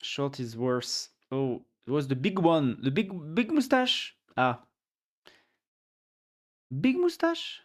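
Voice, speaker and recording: A man's voice: medium pitch, big pitch swings, unhurried, few pauses. A man livestreaming, chatting casually with viewers, rambling and repeating words while he searches for them, reading chat aloud and joking along. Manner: reads chat aloud and jokes with it.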